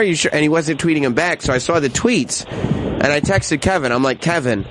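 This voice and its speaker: A man hosting a talk show, telling stories in a lively way and laughing through them. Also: fairly high pitch, brisk, noisy background. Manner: animated storyteller, laughs through his anecdotes. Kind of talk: casual radio chat, storytelling.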